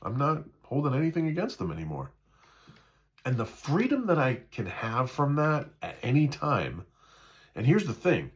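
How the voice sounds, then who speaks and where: A man in a casual spiritual talk, speaking conversationally, repeating himself, often asking "right?" and acting out the voices in people's heads. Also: mid-range voice. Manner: acts out quoted inner voices.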